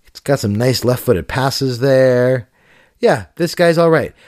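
A man's voice: mid-range voice, lively intonation, slow, darkish tone, no echo. Male podcast co-host, laid-back and hesitant, dry close sound. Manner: easygoing, hesitant, filler-heavy. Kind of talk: casual chat. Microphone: remote call.

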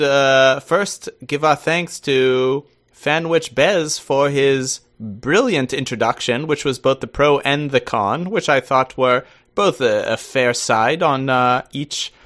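Grumpy wry guy from britain reading a jokey intro, a bit high voiced. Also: measured pace, fairly bright tone. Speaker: guest intro narrator. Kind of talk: scripted comic intro.

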